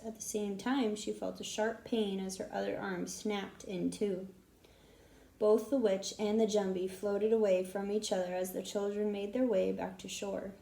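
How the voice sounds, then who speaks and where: A woman narrating a children's story aloud with a steady, expressive reading. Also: medium pitch, creaky. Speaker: audiobook narrator. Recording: roomy echo.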